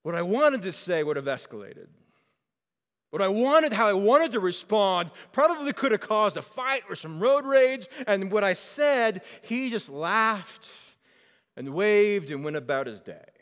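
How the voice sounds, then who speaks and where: Male pastor, slightly high voice, casual storytelling sermon, long church-hall reverb. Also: measured pace. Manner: conversational, animated storytelling with acted quotes.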